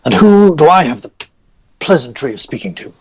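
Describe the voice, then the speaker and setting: A man's voice: a little high, big pitch swings, moderate pace, creaky, slight background noise, pitched above the performer's own voice, poor audio. A man voicing an irritable, haughty old man who speaks through a magical projection. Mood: pompous. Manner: haughty and exasperated.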